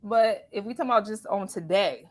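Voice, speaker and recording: A woman guest on a casual talk show, a singer and comedian, answering in a playful, animated way with lots of laughter. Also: medium pitch, normal speed, rough recording. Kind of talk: casual interview chat.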